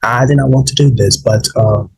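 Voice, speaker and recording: A man hosting his own podcast, rambling and halting with many fillers and restarts, emotional and holding back tears. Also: medium pitch, gravelly, darkish tone, breathy edge, low-quality recording. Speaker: podcast host. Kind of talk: emotional solo podcast monologue.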